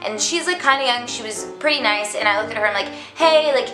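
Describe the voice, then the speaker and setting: A woman's voice: a little high, fast. A young adult woman telling a casual storytime vlog in a dramatic, chatty way, full of "like". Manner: dramatic, chatty, heavy use of "like". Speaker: vlogger. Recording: echoey room with background music.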